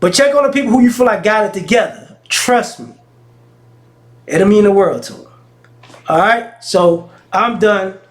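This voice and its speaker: A man's voice: sits high, expressive, moderate pace, long pauses. A man vlogging in a casual monologue, telling stories frankly in slang and often restarting his sentences. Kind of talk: casual talking-head monologue.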